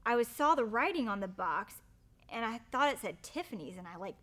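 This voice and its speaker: Bright, chatty young woman. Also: on the high side, fairly quick. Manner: chatty, animated, gushing. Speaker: bride-to-be telling the proposal story. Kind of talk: casual storytelling.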